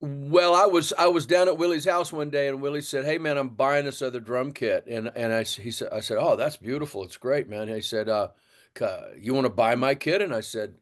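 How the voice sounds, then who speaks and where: An older man from Texas, a drummer, telling an animated story in an interview and acting out the voices of others. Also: medium pitch, brisk. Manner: animated storyteller, acts out voices, laughs often. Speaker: guest drummer.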